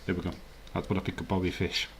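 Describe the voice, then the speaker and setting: Talking fast in a low, monotone voice with a breathy edge, a man hosts a casual live stream. He rambles and chuckles through the chat, tossing in chatty asides.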